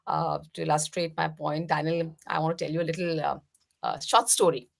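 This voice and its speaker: A middle-aged woman from India, a meditation teacher, gently explaining mindfulness as a podcast guest with frequent "uh" fillers. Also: low voice, steady tone, a little fast, creaky. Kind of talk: podcast interview answers.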